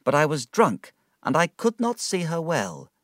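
Slow, measured male storybook narrator. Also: fairly high pitch, no echo, clean studio sound. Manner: slow, measured, expressive reading. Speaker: audiobook narrator.

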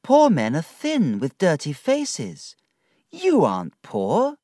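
An earnest young man voiced by the male narrator, a little higher and brighter than his own voice. He sounds gentle and sincere, rising and falling widely. The read is slow and dry, close to the mic. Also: wildly swooping pitch, no room sound, exaggerated voice.

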